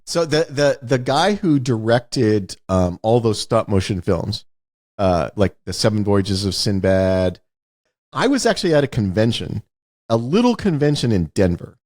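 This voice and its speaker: A man's voice: fairly low pitch, a little slow. A man co-hosting a podcast in casual chat, telling stories and acting out the voices of the people he quotes. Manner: animated storyteller, acts out quotes. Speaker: podcast co-host.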